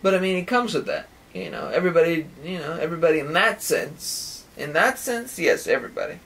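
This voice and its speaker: A man talks through a loose, rambling solo monologue for his own show. His voice sits a bit high for a man. He drifts from thought to thought and slips into imagined voices with sound effects. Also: expressive, brisk, fairly bright tone. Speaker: podcast host.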